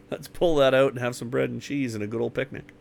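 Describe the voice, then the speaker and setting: Man, gravelly voice, joking player, laughs a lot. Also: medium pitch. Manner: joking, laughs often, stammers. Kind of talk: tabletop game chat.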